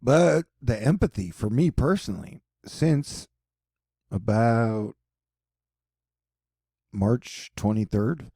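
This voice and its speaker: Casting note: young male vlogger, dry and self-mocking, gravelly low-key voice, close dry sound. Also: expressive, slow, long pauses, mellow, no room sound. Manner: rambling, sarcastic, self-mocking. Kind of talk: casual rambling vlog. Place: his apartment.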